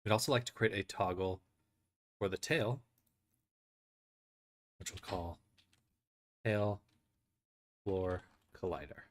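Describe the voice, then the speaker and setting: A man's voice: deep voice, slow, long pauses. A man giving a casual screen tutorial on building an avatar, thinking aloud and correcting himself as he works. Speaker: avatar creator.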